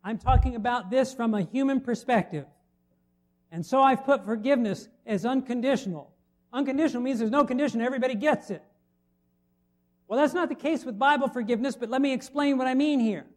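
A pastor with a high voice delivers a sermon in a conversational way, asking rhetorical questions as he preaches.

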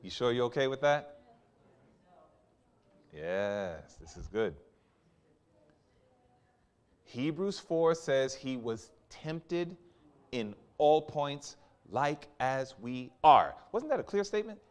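A man preaching a sermon, questioning the congregation, reading scripture slowly and forcefully, and swinging between quiet asides and loud climaxes. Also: medium pitch, animated, clean tone. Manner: questions the congregation and waits for replies.

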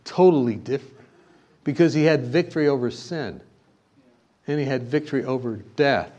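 A man's voice: medium pitch, normal speed, pauses often, darkish tone. A man preaching a sermon, telling a personal story and then urging his listeners with emphatic exhortation. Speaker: pastor.

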